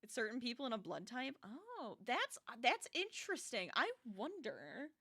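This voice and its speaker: Bright-voiced, chatty woman streamer. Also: fairly high pitch, normal speed, slightly rough. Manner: chatty, animated, laughs often, talks to chat. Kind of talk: casual chat while crocheting on stream.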